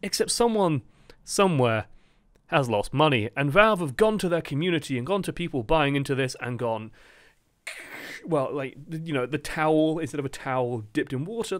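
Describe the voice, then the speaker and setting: A man hosting a gaming video, delivering a sarcastic, animated rant. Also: on the high side, moderate pace, no echo, clean studio sound. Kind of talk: ranting commentary.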